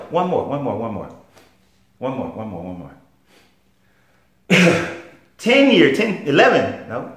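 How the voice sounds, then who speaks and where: A man's voice: on the high side, a bit bright. A man with a Southern US accent, a life coach telling stories in a plain-spoken, emphatic motivational monologue. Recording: roomy echo.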